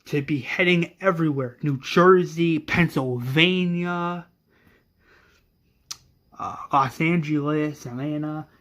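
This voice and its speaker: A man's voice: on the high side, slow pace, fairly bright tone. A man casually retelling the plot of his fan series, rambling with many fillers and restarts.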